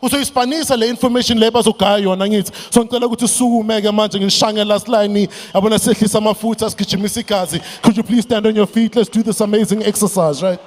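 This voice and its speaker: High-voiced man, fiery stage speaker. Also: fast talker, few pauses. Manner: energetic, shouts chants for the crowd to repeat. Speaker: motivational speaker. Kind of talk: motivational stage speech. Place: large event hall stage. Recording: echoey hall.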